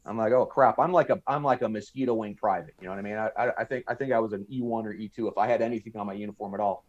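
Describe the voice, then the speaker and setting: This American podcast guest in his fifties has a lowish voice and races through a long tale from his army days, mimicking the people in it. The casual interview has him storytelling with real animation, though the audio's highs are cut off.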